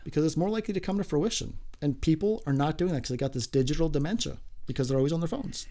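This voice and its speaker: A middle-aged man, a gym teacher, talking in a casual podcast chat, upbeat and emphatic, often rising high when excited. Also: fast talker.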